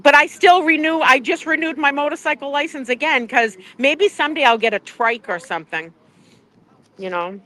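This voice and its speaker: An older woman chatting casually on a live stream from outside a courthouse, animated and quick to laugh. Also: high voice, low-quality recording. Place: outdoors outside a courthouse, crowd nearby.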